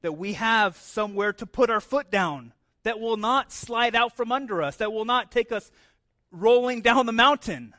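A man's voice: extremely high pitch, moderate pace, pushed and bright. A man in his thirties preaching a sermon in a conversational way, often adding "right?" and repeating words as he goes. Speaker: pastor.

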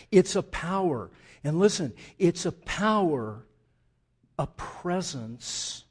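High-voiced older man preaching a sermon. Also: a little mellow, husky. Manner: emphatic, conversational preaching with asides. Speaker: pastor.

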